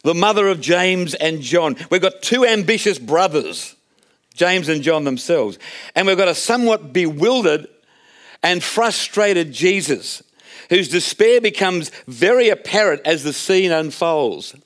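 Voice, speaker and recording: A man's voice: a little high, animated, a little slow, fairly bright tone. A man preaching a sermon in a conversational, storytelling way, often restarting his phrases. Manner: conversational, storytelling, self-correcting.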